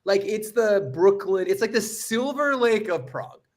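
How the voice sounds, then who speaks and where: A man on a video call telling stories in a casual chat, animated and laughing as he talks. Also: high-pitched, normal speed. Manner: animated storyteller, laughs while talking. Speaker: remote guest co-host.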